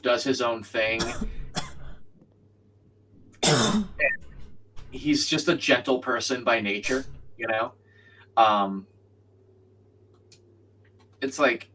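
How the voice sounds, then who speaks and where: A man's voice: mid-range voice, a bit bright, far from the mic, a little hiss or hum, low-quality recording. A young man chatting casually and bluntly while streaming a co-op game, swearing freely. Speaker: co-op gaming streamer. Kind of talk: casual chat while gaming.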